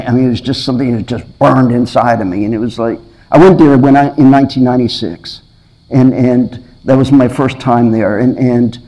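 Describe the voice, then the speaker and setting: Middle-aged male preacher, earnest and searching, mid-pitched voice, restarts phrases as he presses each question. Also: darkish tone, rough recording. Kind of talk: sermon.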